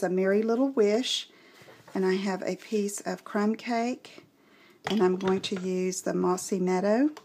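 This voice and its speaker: A woman from Southeast Texas with a Southern accent hosts a casual card-making tutorial, chatting and thinking aloud as she works. Her voice is mid-range and mellow.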